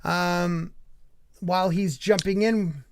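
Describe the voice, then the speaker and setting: High-voiced man hosting a podcast. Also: steady tone, takes it slowly, smooth, no room sound, clean studio sound. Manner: ranting, blunt and profane. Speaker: podcast host. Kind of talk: casual podcast chat, reading chat comments.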